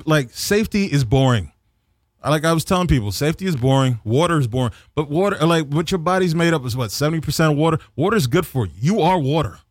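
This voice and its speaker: A man's voice: on the high side, expressive, quick pace, dry recording, studio quality. A man ranting in a mocking comic way, rambling with many fillers and restarts, and slipping into voices for the people he quotes. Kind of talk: comedic political rant.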